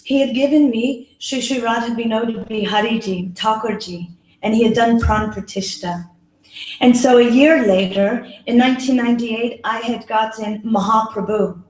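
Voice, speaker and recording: A woman's voice: fairly high pitch, normal speed. A woman telling a personal story at a kirtan gathering, acting out the quoted voices and laughing often. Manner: animated, acts out quoted dialogue, laughs often. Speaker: kirtan leader. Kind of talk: storytelling talk. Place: yoga center hall. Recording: echoey room.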